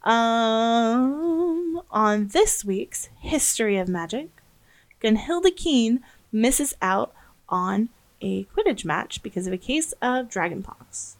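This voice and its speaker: A woman's voice: on the high side, expressive, slow. Giggly American woman podcast co-host. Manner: giggly, stumbles while reading aloud. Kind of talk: casual podcast chat.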